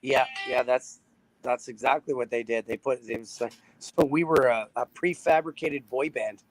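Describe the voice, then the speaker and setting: A man from Canada chats as a podcast guest, mid-pitched and recorded dry and close. He rambles, restarts his sentences and laughs often. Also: steady tone, moderate pace, dry recording, poor audio. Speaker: podcast guest, band frontman. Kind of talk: casual chat.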